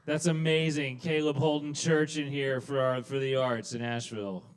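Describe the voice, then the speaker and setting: A man speaks up from the crowd at an open mic to toast the host. His smooth voice is upbeat and celebratory, and he sounds off mic across the room. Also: medium pitch, steady tone, moderate pace. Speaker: audience member toasting the host.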